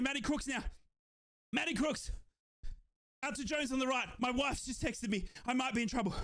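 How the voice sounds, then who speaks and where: A young man from Australia who streams football watchalongs, shouting in delight and calling the play-by-play while out of breath. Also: extremely high pitch. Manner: euphoric fan shouting and yelling over goals, then rapid play-by-play. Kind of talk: excited live match commentary for a watchalong stream.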